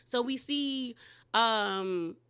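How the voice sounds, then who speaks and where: Brief: woman recap host, blunt and slangy, fairly high, bright and forceful voice. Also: drawn-out words, smooth. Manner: candid, slangy, emphatic. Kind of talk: casual commentary.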